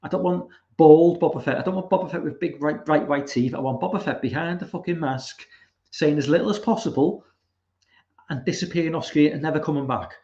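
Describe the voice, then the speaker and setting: A man's voice: on the high side, fairly quick, dark tone. A young man hosting a livestream, reading chat and ranting casually with lots of swearing and restarts. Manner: rambling, swearing, many restarts. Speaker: livestream host. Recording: roomy, dull lo-fi sound.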